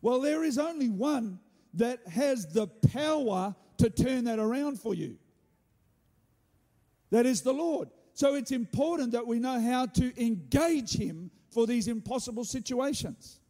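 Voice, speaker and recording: A man preaching a sermon, telling a story with animated delivery and joking asides. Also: very high-pitched, a little slow. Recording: hall reverb.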